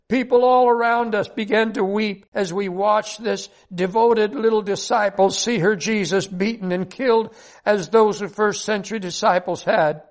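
In a notably high voice, an older man reads a heartfelt personal devotional story. His delivery is earnest and sincere, steady in pace and full of deep feeling.

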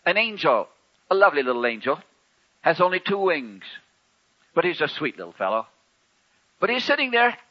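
A man preaching a sermon in a folksy, conversational way, with wry humor and sharp swings between loud and soft. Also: a little high, lo-fi sound.

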